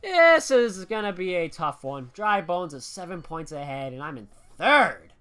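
A young man streaming a racing game live, muttering his moves and then yelling and swearing when he gets hit. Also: high-pitched, very animated, unhurried, clean tone. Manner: swings from muttering to shouting outbursts, swears a lot. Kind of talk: live gameplay commentary.

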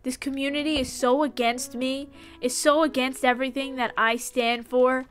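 A woman's voice: high-pitched, little pitch movement, moderate pace, a bit bright, faint music behind. A woman streamer giving casual gameplay commentary, playful and mock-indignant as she talks to the game's characters in character.

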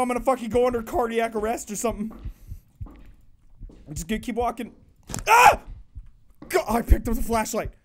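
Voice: mid-range voice, a little mellow. A streamer giving live horror game commentary, panicky and swearing, muttering reassurances to themself. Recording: noisy game ambience behind.

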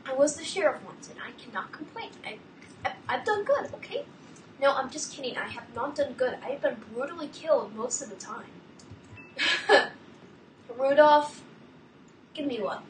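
A woman YouTuber giving gameplay commentary, excitable, with dramatic exclamations and groans. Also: sits high, a little hiss or hum. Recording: roomy, distant mic.

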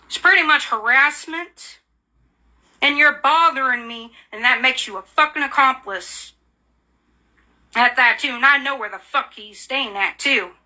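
A woman's voice: high voice, measured pace, sharp tone. Furious, profane woman ranting. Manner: furious, profane, repetitive insults; bitter, accusing. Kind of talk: angry rant.

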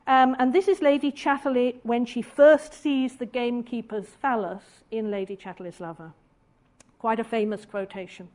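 Woman speaker, fairly high voice, deliberate public lecture delivery with dry asides. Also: fairly even intonation, darkish tone. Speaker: feminist speaker giving a lecture. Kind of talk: public lecture with read-out quotations.

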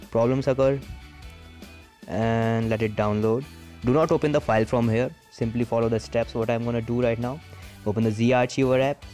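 A man narrates a step-by-step gaming tutorial as a voice-over. His voice sits at an ordinary middle pitch, and his delivery is plain and instructive, moving through one step after another. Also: darkish tone. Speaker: gaming channel host.

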